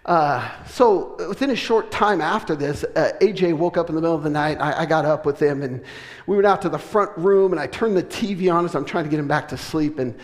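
A middle-aged man from the US West Coast preaching from a church platform. His voice sits high, and he tells a story with animated, self-mocking humor. A long reverb from the big sanctuary trails each phrase. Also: fairly quick. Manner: animated, self-deprecating humor, frequent restarts. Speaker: pastor. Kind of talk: sermon with personal storytelling.

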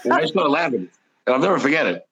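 A man's voice: mid-range voice, big pitch swings, fast talker, a bit bright, breathy edge, lo-fi sound. A man, a comedian guest, telling casual anecdotes in a chatty, rambling way. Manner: chatty, anecdotal, frequent restarts. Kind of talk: casual storytelling.

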